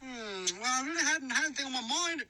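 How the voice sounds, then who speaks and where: A man's voice: very high voice, fast talker, sharp tone, voice pushed up, exaggerated voice. A man voicing a chatty male prank caller in a put-on mix of Australian and English accents. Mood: friendly. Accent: mixed Australian and English put-on. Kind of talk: prank call bit. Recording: very noisy line.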